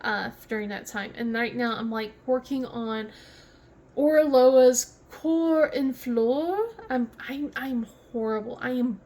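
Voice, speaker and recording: A woman's voice: fairly high pitch, fairly even intonation, normal speed, hardly any pauses. A woman with a Southern American accent, chatting casually on a craft vlog, rambling with many fillers, restarts and frequent laughter. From southern West Virginia. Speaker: craft vlogger. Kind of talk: casual chat.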